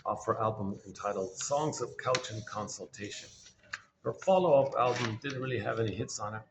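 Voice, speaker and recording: A man with a lowish voice muses aloud in a loose, casual commentary, circling back and restarting his phrases. He slips now and then into quick voicings of the people he talks about. A faint hiss sits under the recording. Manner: musing, restarts phrases, acts out quoted people. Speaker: host of a quotes channel.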